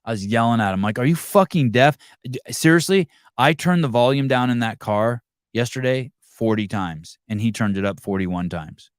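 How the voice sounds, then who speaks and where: A male podcast host in casual chat, ranting in a profane, animated way. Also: mid-range voice, normal speed, clear, resonant tone, no room sound, studio quality.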